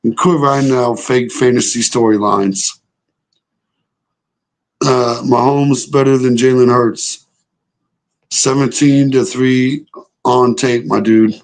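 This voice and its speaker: A man's voice: medium pitch, little pitch movement, unhurried. Young man, sports streamer, argues hotly with chat, lots of profanity. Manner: heated, profane, argumentative with chat. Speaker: sports show host reacting live. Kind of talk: casual livestream reaction, reading chat.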